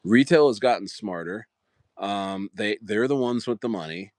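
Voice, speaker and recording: A man's voice: lowish voice, moderate pace, no echo, clean studio sound. A man hosting a casual livestream, chatting in a rambling way with lots of fillers and restarts. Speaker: livestream host.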